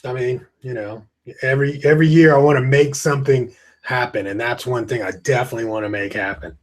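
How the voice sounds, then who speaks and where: A tired online course host runs a live webinar from his webcam, screen beside him, stifling yawns as he talks. His mid-range voice is steady and brisk, his delivery loose and rambling, and he greets viewers by name.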